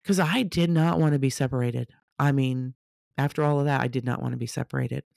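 A woman telling a personal story casually, animated, acting out the people she quotes. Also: very deep voice, a little fast, gravelly, no echo, clean studio sound. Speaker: storyteller sharing a personal testimony.

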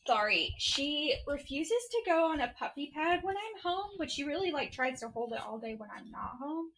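A woman's voice: high voice, animated, normal speed, a bit bright, slight background noise, rough recording. A young woman co-hosting a podcast, chatty and teasing in casual conversation. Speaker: podcast co-host. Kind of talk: casual chat.

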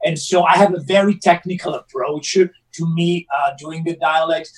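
Guy, high voice, earnest and methodical, sounds kinda far from the mic. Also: steady tone, normal speed. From Italy. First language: Italian. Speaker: actor guest. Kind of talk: casual interview chat.

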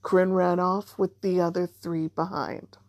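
A woman narrating a children's storybook in a measured, even way. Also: lowish voice, creaky, no room sound, studio quality. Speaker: audiobook narrator.

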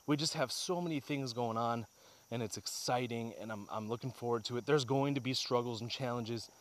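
A man's voice: mid-range voice, fairly quick. A man hosting a casual motivational talk while out on a walk, getting slightly out of breath, addressing listeners as guys. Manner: energetic, talks to listeners as guys. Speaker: podcast host. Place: outdoors on a walk.

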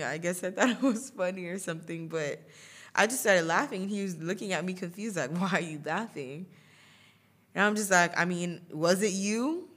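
A woman's voice: lowish voice, normal speed, fairly bright tone. A young woman hosting a podcast, telling a personal story in a chatty way, laughing often and using lots of fillers. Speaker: podcast host. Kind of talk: casual storytelling.

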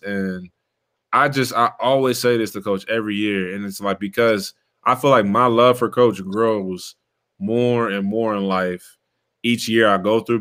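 Animated storytelling young man. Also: fairly low pitch. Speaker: podcast host, former player. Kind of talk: casual storytelling chat.

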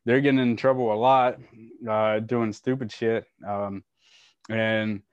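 A man's voice: on the low side, little pitch movement, unhurried, clean tone, no room sound. A man who is a serving soldier, talking bluntly and with frustration in casual chat, with a lot of swearing. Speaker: serving soldier, podcast guest. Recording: dry, dull lo-fi sound.

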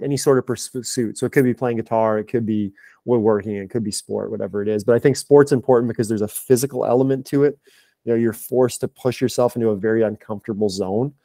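A man in his thirties, a high performance coach, talking candidly on a podcast, rambling with fillers and restarts. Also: fast talker, mellow, no room sound. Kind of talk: casual podcast conversation.

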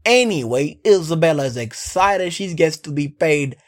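Someone with a mid-range, animated voice gives a casual, sarcastic film recap at a moderate pace. It rambles with frequent asides, and they swear, then apologize for it, and keep saying "anyway."

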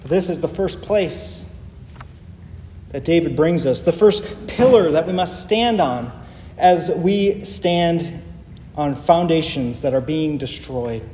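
High-voiced man preaching in an echoey hall. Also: animated, warm tone, a little hiss or hum. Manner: earnest, emphatic preaching with pauses. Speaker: pastor. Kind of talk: sermon. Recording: echoey hall with faint ambience.

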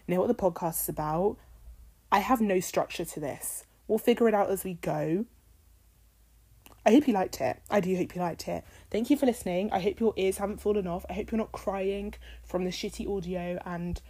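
Warm, low-voiced British woman rambling. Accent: British English. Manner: rambling, chatty, swears freely. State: tired, voice getting dry. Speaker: podcast host. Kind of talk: casual solo podcast monologue.

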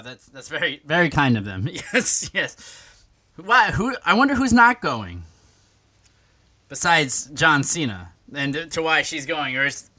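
A man's voice: medium pitch, pushed and bright. A man hosting a comedy podcast in casual chat, rambling and self-interrupting with frequent laughs. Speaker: podcast host.

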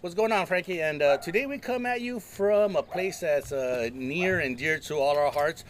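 A man's voice: fairly high pitch, normal speed, slight background noise. A man co-hosting a podcast in casual chat, joking and swearing freely in a community center. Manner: joking, profane banter. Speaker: podcast co-host.

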